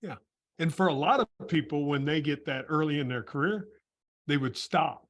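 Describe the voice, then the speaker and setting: A man's voice: on the high side, moderate pace, fairly bright tone. A man hosting a business podcast, reflecting on and summarizing his guest's points. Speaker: podcast host. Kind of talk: casual interview.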